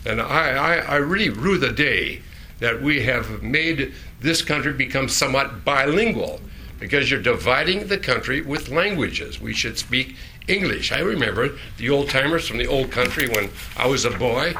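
A man preaching a sermon as pastor, often chuckling and correcting himself with quick asides. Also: medium pitch, animated, sharp tone, a little hiss or hum.

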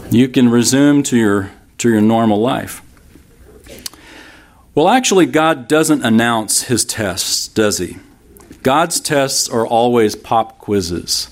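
A man in his fifties preaching a sermon in a relaxed, conversational way, mixing humorous stories with scripture. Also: medium pitch, a little slow. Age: 50s. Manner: conversational, humorous storytelling with laughs from the congregation. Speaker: pastor.

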